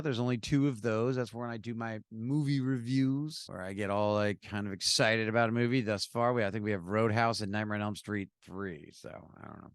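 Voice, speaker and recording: A man's voice: mid-range voice, smooth, no room sound, studio quality. Rambling, self-deprecating man hosting a podcast. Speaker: podcast host. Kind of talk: casual monologue.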